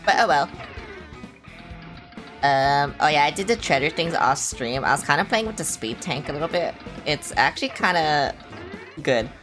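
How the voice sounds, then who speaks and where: Low-voiced young woman streaming a game. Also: expressive, normal speed, pauses often, a bit bright, faint music behind. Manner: blunt, swears often, self-mocking. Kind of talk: casual live-stream chatter.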